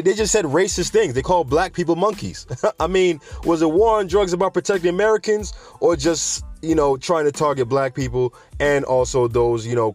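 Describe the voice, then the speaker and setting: A man hosting a news show, talking in an animated, slangy, digressive way and addressing viewers directly. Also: fairly high pitch. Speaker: host of a cannabis news show. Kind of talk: casual news commentary with rants.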